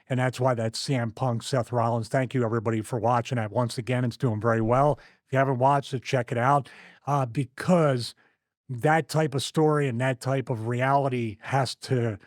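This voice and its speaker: A man hosting his own show from a home studio, chatting casually with a rough, strained voice and playing with dramatic pauses. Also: mid-range voice, no echo. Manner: theatrical, plays with dramatic pauses and wrestling-style vocal impressions. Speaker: host. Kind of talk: casual podcast chat.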